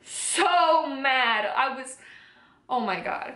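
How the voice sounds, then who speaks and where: A woman's voice: high voice, lively intonation, extremely slow, sharp tone. A young woman vlogger telling a personal story to camera, candid and emotional, swearing freely. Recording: roomy echoey room.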